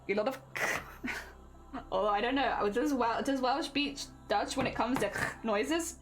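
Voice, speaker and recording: A woman's voice: a little high, unhurried, over music. A young woman streaming casually, chatting and giggling with her viewers while she crafts at home. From Britain. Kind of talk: casual live-stream chat.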